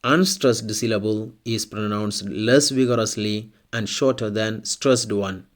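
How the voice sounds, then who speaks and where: Slow, deliberate male language teacher. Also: lowish voice. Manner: slow, deliberate, repeats example words. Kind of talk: scripted language lesson.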